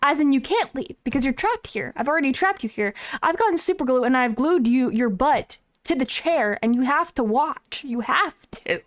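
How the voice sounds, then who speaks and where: A woman's voice: high voice, animated, moderate pace, few pauses, no echo, studio quality. A young woman streaming live, chatting casually and playfully teasing her chat. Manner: playful, teasing, self-mocking.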